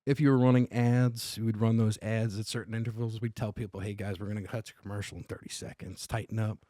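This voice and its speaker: A man with a low-leaning voice, a guest comic from Staten Island, chats casually on a podcast, telling stories quickly, acting out what people said, and swearing freely. The clean studio recording has no echo.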